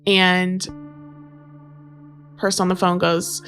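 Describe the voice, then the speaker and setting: Woman recounting a relationship story, lowish voice. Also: unhurried, fairly bright tone, faint music behind. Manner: conversational, recounting with quoted dialogue and fillers. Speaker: podcast guest. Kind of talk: personal storytelling.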